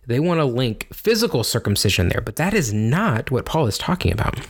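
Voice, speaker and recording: A man's voice: medium pitch, very animated, a little fast, slightly rough. A man teaching on baptism in a casual, conversational way, often checking in with "right?" and restarting his sentences. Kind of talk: informal teaching talk.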